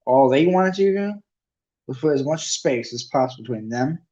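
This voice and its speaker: A man's voice: mid-range voice, animated, normal speed, mellow. Guy reading a book aloud, casual with slips, muffled lo-fi audio. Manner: unpolished, with restarts and asides. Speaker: reader. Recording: dull lo-fi recording.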